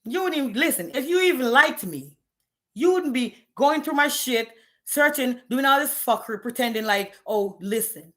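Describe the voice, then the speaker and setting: A woman's voice: sits high, lively intonation, moderate pace, a bit bright. A woman, ranting bluntly and profanely on a live stream, challenging her viewers. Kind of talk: candid live-stream rant.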